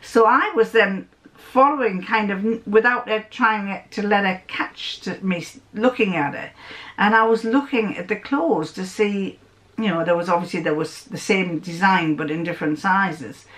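A woman's voice: mid-range voice, moderate pace, a bit bright. An older woman with a Northern English accent, chatting in a casual storytelling sewing vlog and wandering off into anecdotes. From north of England. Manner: rambling, digressive, with frequent restarts and acted-out quotes. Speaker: sewing vlogger.

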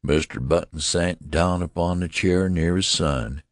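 Deep, slow, gravelly male narrator. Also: dry recording, studio quality. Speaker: audiobook reader. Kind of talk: scripted narration.

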